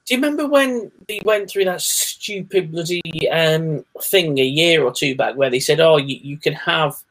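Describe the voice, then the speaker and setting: A man's voice: on the high side, moderate pace, fairly bright tone, rough recording. A man co-hosting a casual wrestling talk show, laughing often and steering the discussion. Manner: laughs often, leads the segments. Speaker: podcast co-host.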